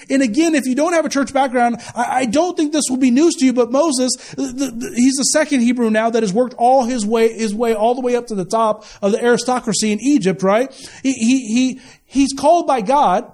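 A man's voice: very high voice, a little fast, darkish tone. A male pastor preaching a sermon in a conversational, joking way, often repeating words as he starts a sentence.

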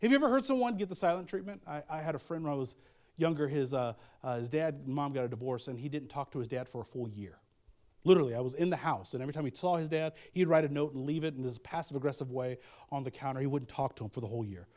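A man's voice: mid-range voice, fast talker, a little mellow. A man preaching a Christmas sermon in a conversational way, with asides, repeated phrases and restarts. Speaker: pastor.

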